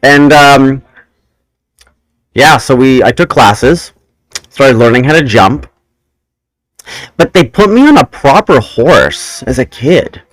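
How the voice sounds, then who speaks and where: A man's voice: medium pitch, slow pace, pauses often, no room sound, rough recording. A man hosting a casual podcast chat, telling rambling stories about his childhood. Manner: animated, rambling storyteller. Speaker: podcast host.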